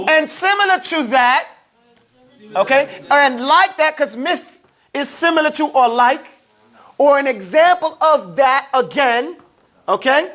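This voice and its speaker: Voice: high voice, lively intonation, takes it slowly, a bit bright. A teacher giving a classroom grammar lesson, drilling students with playful call-and-response questions. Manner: playful, teasing.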